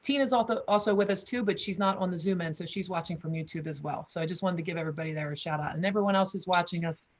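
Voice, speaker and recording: A woman hosting a casual video call chat, welcoming people and giving shout-outs. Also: fairly low pitch, rapid-fire, hardly any pauses, dull audio, slight background noise. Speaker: host.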